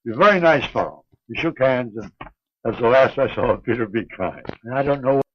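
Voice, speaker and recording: Older man reminiscing haltingly, dull archive sound. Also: mid-range voice, lively intonation, breathy edge, no room sound. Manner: halting, unhurried storytelling with many pauses and repeats. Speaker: interviewee. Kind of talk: reminiscing anecdote. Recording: dull lo-fi 1950s archive recording.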